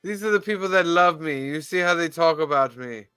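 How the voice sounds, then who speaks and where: A man hosting a casual podcast, reading titles off a list in a measured, deadpan way with wry asides. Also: on the high side, clean tone, dry recording, soft background music. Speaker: podcast host reading the weekly release list.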